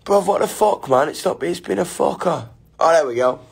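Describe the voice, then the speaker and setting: A young man with a British English accent, hosting a casual livestream chat from a hotel room on his phone, energetic, excitable and sweary. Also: on the high side, moderate pace, gravelly, slightly rough.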